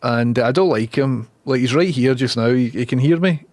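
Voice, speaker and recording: A man's voice: medium pitch, moderate pace, darkish tone, no echo. Sweary Glaswegian man, dry close mic. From Scotland. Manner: sweary, muttering at tech troubles. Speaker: streamer. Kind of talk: casual live-stream chat.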